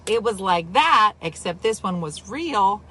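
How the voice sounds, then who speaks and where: A woman from New Jersey telling a story in casual chat, animated and exaggerated, with quick asides. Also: medium pitch.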